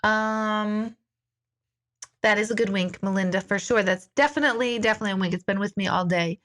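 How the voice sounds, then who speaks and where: A chatty woman hosts a relaxed live-stream question-and-answer session from her home. Her talk is informal and friendly. She reads viewers' comments aloud, laughs easily and moves on in an easygoing way. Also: mid-range voice, brisk. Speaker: intuitive hosting a live Q&A. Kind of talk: casual live-stream chat. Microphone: live-stream device mic.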